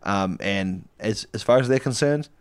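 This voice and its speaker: A man's voice: fairly low pitch, moderate pace, clean tone. A man co-hosting a comedy podcast, retelling a film plot in a rambling way and laughing into his own sentences. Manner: rambling, laughs mid-sentence, frequent restarts. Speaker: podcast co-host.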